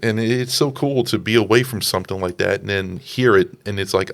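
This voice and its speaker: Lower-voiced New Orleans man telling stories. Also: fairly even intonation, a little fast, vocal fry, slight background noise. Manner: anecdotal, laughs often. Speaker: podcast co-host. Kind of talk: casual film discussion.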